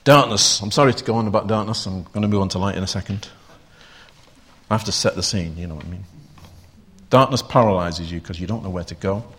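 Husky man preaching a sermon. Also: low voice, fast, a bit bright. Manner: conversational, asks the congregation rhetorical questions.

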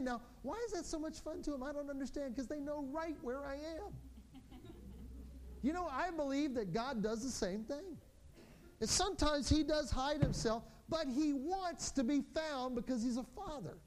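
Brief: male pastor, 40s, high-pitched voice, animated storytelling preacher who drops soft and low for reflection. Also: normal speed, a little hiss or hum. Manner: animated storytelling, acting out his children's voices. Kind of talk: sermon.

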